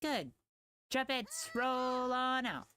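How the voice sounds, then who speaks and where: Raspberry, a man voicing a secretive little food creature. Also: very high voice, animated, slow, a little hiss or hum, pitched above the performer's own voice, heavily acted. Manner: hushed, conspiratorial, then coldly scornful. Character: small secretive female food creature, cold and judging.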